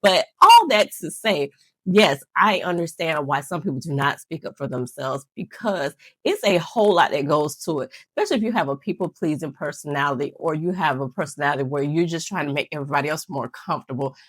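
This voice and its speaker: A woman's voice: sits low, expressive, a little fast, no echo. A woman vlogger telling a rambling, self-mocking story to camera, laughing often. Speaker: nail channel vlogger.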